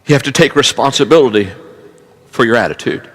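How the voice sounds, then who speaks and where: A man preaching a sermon, telling stories animatedly, dropping to hushed tones and rising to shouts. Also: mid-range voice, a little fast, poor audio.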